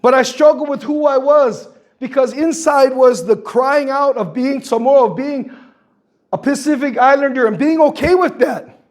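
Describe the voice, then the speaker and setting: High-voiced man in his sixties. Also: moderate pace. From Guam. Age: 60s. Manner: earnest, builds through lists and rhetorical questions. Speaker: community speaker at a public forum. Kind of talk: impassioned public testimony.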